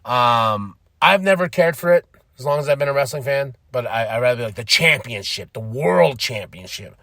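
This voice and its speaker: A podcast host with a mid-range, slightly bright voice talks briskly, laughing often as he rambles through enthusiastic fan commentary. The casual talk is recorded at studio quality with no echo.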